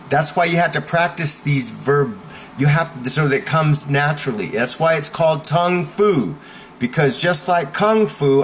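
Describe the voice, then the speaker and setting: A man in a slightly higher register talks slowly and deliberately as he teaches how to stand up to bullies. He is emphatic and often checks in with the listener before moving on. A faint hum of ambience sits behind his voice. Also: fairly bright tone, poor audio. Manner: emphatic, checks in with frequent "okay?". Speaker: self-help teacher. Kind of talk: instructional talk.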